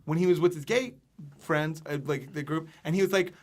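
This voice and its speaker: A man's voice: on the high side, a little fast, a little mellow. A young man hosting a podcast, chatting casually and telling rambling stories with frequent laughs. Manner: rambling storyteller, laughs often. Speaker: podcast host. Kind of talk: casual chat.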